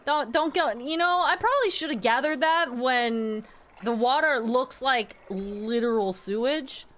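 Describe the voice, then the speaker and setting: A woman's voice: sits high, unhurried, fairly bright tone. A woman streaming a game live, playful and laughing often, yelping at the screen and chatting with viewers. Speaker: VTuber streamer. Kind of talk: live gameplay commentary with chat. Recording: background game music.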